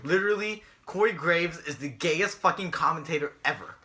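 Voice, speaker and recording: A man's voice: a little high, brisk, sharp tone. A young man co-hosting a casual chat show, ranting and mocking with lots of swearing. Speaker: podcast co-host.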